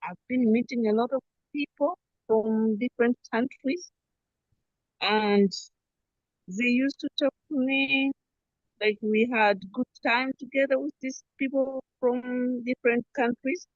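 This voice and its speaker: A woman talking with her coach on a video call, halting and restarting her sentences. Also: on the high side, steady tone, no room sound, muffled recording. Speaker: coaching client. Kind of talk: casual chat on a video call.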